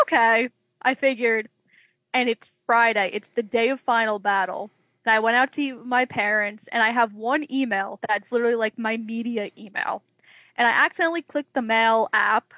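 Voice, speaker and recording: A woman's voice: a little high, normal speed, no echo. A young woman guest on a podcast, telling stories casually and acting out the voices of the people she quotes. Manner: animated, acts out quoted voices. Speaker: wrestling journalist guest.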